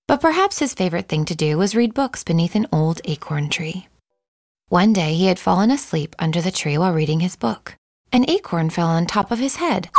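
Woman reading a storybook, gravelly and lilting. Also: lowish voice, no room sound, studio quality. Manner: expressive, sing-song reading. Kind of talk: scripted storybook narration.

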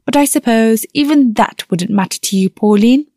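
A contemptuous older aunt, as a woman reads her, full of disapproval. She speaks with disdain and weary exasperation in an audiobook, her voice fairly high but mellow, on a dry close recording. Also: normal speed, no echo, natural voice. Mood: disdainful. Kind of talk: audiobook character reading.

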